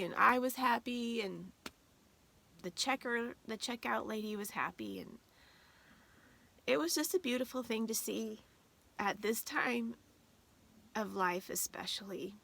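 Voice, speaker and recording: With a gravelly, slightly bright voice of medium pitch, a female vlogger recounts something personal. She rambles casually with lots of filler words and at times fights back tears.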